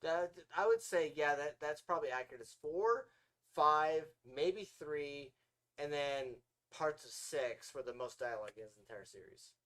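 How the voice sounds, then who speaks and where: A man co-hosting a podcast in casual, animated chat with quick asides and frequent laughter. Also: on the high side. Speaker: podcast co-host.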